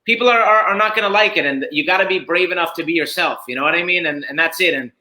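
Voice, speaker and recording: A man who raps freestyle chats as a guest on a video call. He talks fast and emphatically, cursing casually. His voice is bright and sharp, a little high. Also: low-quality recording. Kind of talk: casual interview chat.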